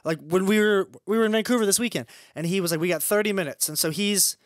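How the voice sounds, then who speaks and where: A man's voice: sits high, no echo, studio quality. A young man telling rambling anecdotes about his dad in a casual podcast chat. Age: young adult. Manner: rapid, rambling anecdotes full of fillers. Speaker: guest, comedian's son.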